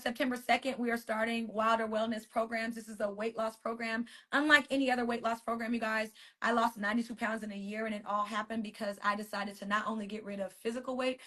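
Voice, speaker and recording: With a fairly high-pitched voice that's bright and forceful, an author and wellness coach leads her weekly casual motivational live stream from her phone. She speaks with emphasis, circles back to the same phrases, and chats with viewers.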